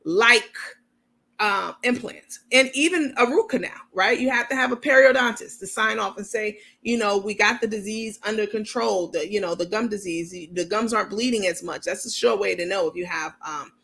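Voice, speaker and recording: Her voice is medium-pitched and fairly bright, with vocal fry and a slightly rough quality, and she keeps a moderate pace. She's a New York-accented, university-educated adult woman who hosts a commentary channel, rambling casually like a livestream and reading comments from viewers.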